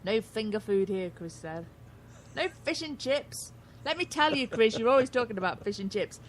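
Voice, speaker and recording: A middle-aged English woman co-hosting a radio show in casual banter, blunt and quick to swear. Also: mid-range voice, animated, slight background noise. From England. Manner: blunt, swears freely, laughs often.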